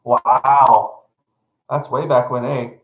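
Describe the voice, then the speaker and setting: A man's voice: mid-range voice, little pitch movement, slow, gravelly. Rambling man, echoey room. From North Carolina, USA. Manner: rambling, self-correcting, friendly. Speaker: live art streamer. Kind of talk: casual chat with chat viewers.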